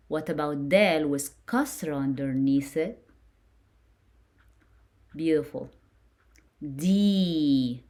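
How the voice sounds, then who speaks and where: Patient woman teacher, low and very slow, drilling sounds for beginners with steady praise. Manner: patient and encouraging, praising each answer. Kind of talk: slow beginner lesson with call-and-repeat drills.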